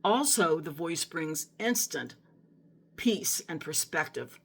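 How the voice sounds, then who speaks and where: A woman's voice: low voice, lively intonation, slow, vocal fry, husky. A middle-aged woman telling a personal faith story to her viewers in an earnest, emotional way, often restarting her sentences. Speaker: Christian vlogger. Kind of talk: personal testimony talk to camera.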